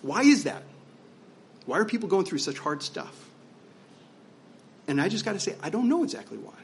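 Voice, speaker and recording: A man's voice: high voice, sing-song, moderate pace, gravelly, slight background noise. A man preaching as pastor, conversational and emphatic, asking his listeners rhetorical questions. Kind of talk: sermon.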